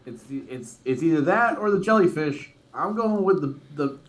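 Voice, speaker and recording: Male player, wry jokester, lively up-and-down delivery. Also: on the high side, normal speed. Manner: wry, joking. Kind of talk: casual tabletop play chat.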